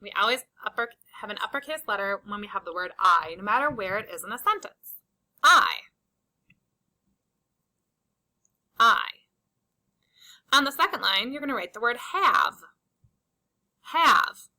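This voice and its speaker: A woman teaching a slow, patient phonics lesson to young children, stretching out and repeating each word for emphasis. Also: mid-range voice, lively intonation, pushed and bright, rough recording. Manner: drawn-out, emphatic word repetitions.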